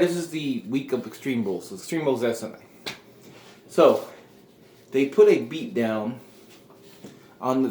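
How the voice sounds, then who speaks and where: A man, a video host, telling a story casually in an animated, rambling way. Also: medium pitch, slight background noise. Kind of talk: casual fantasy-booking storytelling. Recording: roomy echo.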